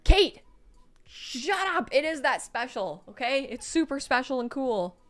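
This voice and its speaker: A young woman hosts a live stream, reading viewers' messages and reacting to each one with gushing excitement. Her voice leaps up and down constantly, sliding from soft murmurs to sudden bright squeals. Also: high voice, unhurried, soft background music. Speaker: livestream host.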